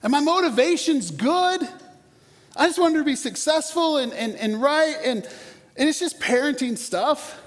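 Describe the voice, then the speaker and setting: A fairly high-voiced man in his forties delivers a sermon as a pastor, chatty and animated, stumbling over repeated words as he builds each point. His voice rings with a long reverb, as in a large church hall. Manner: conversational, animated, repeats words when starting sentences.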